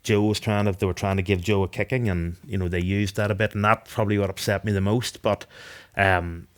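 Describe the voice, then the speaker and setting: A man's voice: on the low side, steady tone, brisk. A man in his thirties from Northern Ireland with a Northern Irish accent, answering interview questions thoughtfully with frequent restarts. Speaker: guest, retired rugby captain.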